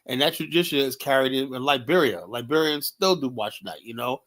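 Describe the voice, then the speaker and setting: A man's voice: medium pitch, a little fast, fairly bright tone. A man with a New York accent hosting a heated discussion, talking emphatically and asking rhetorical questions. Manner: emphatic, rhetorical questions, frequent "you know". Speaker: host.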